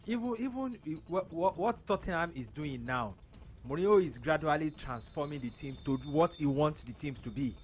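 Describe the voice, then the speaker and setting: A man's voice: a little high, lively intonation, normal speed, slight background noise. A man giving opinionated football analysis on live radio, often restarting his sentences. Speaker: studio football pundit.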